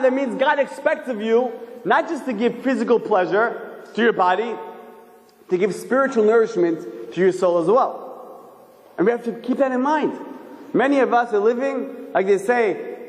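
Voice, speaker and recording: A man giving a sermon as a rabbi, animated and firing rhetorical questions at his listeners. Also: extremely high pitch. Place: synagogue hall. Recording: echoey hall, long reverb.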